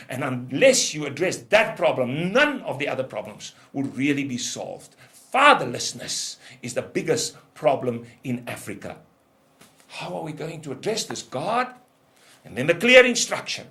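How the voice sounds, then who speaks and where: An older man, a ministry leader, giving a testimony sermon in an intense storytelling manner, going from loud outbursts to hushed lows. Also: sing-song, moderate pace. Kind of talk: testimony preaching.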